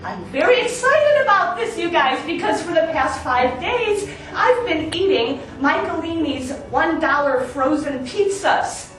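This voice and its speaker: A young woman telling an improvised comic story on a small stage, lively and getting excited as she acts out her own lines. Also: very high-pitched, a little slow, hardly any pauses. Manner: animated, builds to excited yelling when quoting herself. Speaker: storyteller performer. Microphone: far room recording from the audience. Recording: echoey theater recorded from far off.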